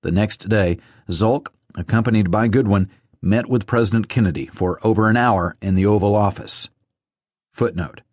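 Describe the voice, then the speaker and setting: A man narrating an audiobook of a government report in a measured way, reading out quotes and footnotes. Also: fairly low pitch, a little mellow, no room sound, clean studio sound.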